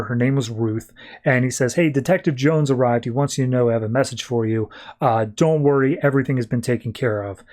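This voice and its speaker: A man hosts a casual podcast, retelling a comic book plot. His delivery is loose and chatty, full of fillers, and he tosses off quick voices for the characters as he goes. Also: mid-range voice, darkish tone. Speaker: podcast host.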